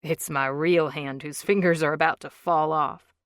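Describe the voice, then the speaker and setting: A cocky, sarcastic young man with a teasing, drawn-out way of talking, as a woman narrator puts him on. The voice sits a little low and is close and dry, with no room sound at all. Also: steady tone, a bit bright, no room sound. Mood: wry.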